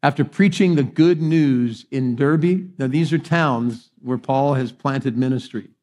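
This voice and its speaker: A middle-aged pastor delivers a sermon full of funny, self-deprecating stories, shifting between hushed and animated moments. His voice is medium-pitched and a little slow.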